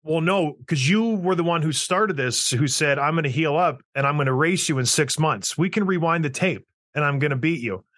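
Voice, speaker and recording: A man's voice: fairly high pitch, moderate pace, hardly any pauses, fairly bright tone, dry recording, studio quality. A man hosting a podcast, ranting bluntly and emphatically and teasing his co-host. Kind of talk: casual opinionated rant.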